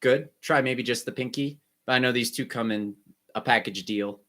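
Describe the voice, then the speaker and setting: With a medium-pitched voice and a moderate pace, a male teacher leads an online music class. He coaches students through breathing and warm-ups using brief, encouraging directions.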